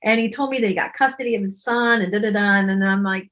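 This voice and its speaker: A woman storyteller telling a personal story in an earnest way, growing animated when she quotes others. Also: medium pitch, a little fast, hardly any pauses, dull audio.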